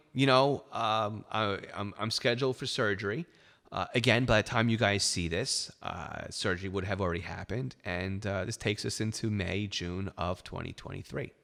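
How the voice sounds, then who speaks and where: Middle-aged man, podcast host, personal storytelling, wry self-deprecating humor, lowish voice. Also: vocal fry, fairly bright tone.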